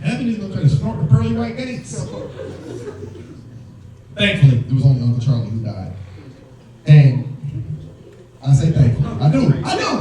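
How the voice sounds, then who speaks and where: A young man performing a stand-up comedy set, telling animated stories and acting out quoted voices, recorded on stage with an audience laughing. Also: high-pitched, background noise. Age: young adult. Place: stage before a live audience. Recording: roomy hall, distant mic, crowd laughter.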